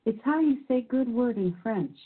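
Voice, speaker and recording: A woman's synthesized assistant voice reading quiz clues and verdicts in a measured, even announcer manner. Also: on the high side, breathy edge. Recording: tinny phone-like sound.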